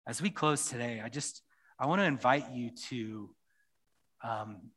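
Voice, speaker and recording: A man's voice: medium pitch, a little slow, a bit bright. A man preaching a sermon and leading a closing prayer, speaking earnestly and often repeating phrases. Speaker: pastor.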